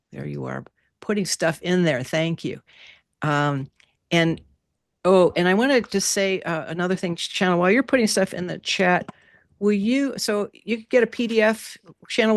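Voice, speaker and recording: A woman teaching an online workshop class over a video call, in an animated, playful way that repeats key words. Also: on the low side, gravelly, no room sound, studio quality.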